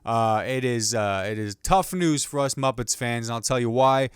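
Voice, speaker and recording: Young guy from indiana doing his podcast, rambly and jokey, mid pitch, dry sound. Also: normal speed, clear, resonant tone, no room sound. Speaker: podcast host. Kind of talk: casual solo commentary.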